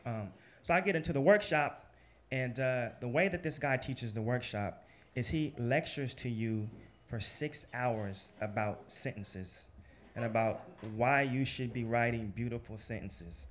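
A man telling a personal story in a lively, casual, profane way, laughing and acting out the lines of other people. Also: medium pitch, measured pace.

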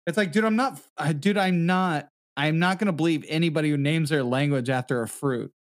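Joking higher-voiced man, dry sound. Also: fairly quick, dry recording. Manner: joking, swears a lot, laughs often. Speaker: podcast co-host. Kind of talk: casual chat, reading facts aloud.

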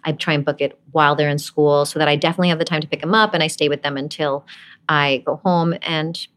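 Woman in her 40s from brooklyn, really low voice, chatty actress guest who laughs a lot. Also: steady tone, fast, fairly bright tone. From Brooklyn, USA. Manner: chatty, laughs often, rambling asides. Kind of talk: casual interview chat.

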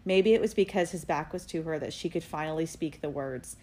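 Excitable woman reading passages aloud. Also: sits low, fairly quick. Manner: excitable, reads passages aloud, squeals and laughs. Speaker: podcast co-host. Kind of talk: casual book club chat.

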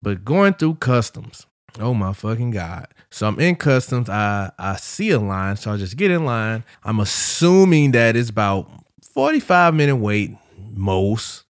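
A man hosting a podcast, telling a travel story in a casual, animated way, swearing freely and acting out what people said. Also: on the low side, a little slow, dry recording, clean studio sound. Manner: profane, animated, quotes people in his story. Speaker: podcast host.

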